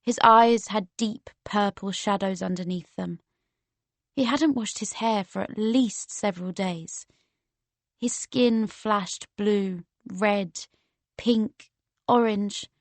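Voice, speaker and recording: A woman reading a first-person novel aloud as an audiobook narrator, steady and measured. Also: medium pitch, no room sound.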